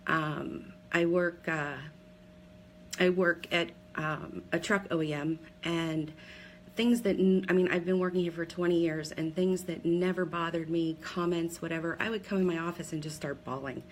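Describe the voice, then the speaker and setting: Chatty mid-forties woman from pennsylvania doing a live video, bit low voiced, faint hum behind her. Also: steady tone, normal speed, rough recording. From Pennsylvania, USA. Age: 40s. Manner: chatty and candid, many ums, laughs at herself. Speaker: direct seller sharing her story. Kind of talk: casual personal testimonial on a live video.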